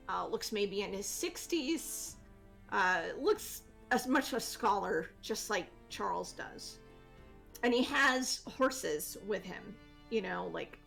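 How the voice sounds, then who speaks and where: Woman game master, casual narration, filler-heavy, mid-pitched, faint music under. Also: creaky, fairly bright tone. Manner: casual, giggly, many fillers.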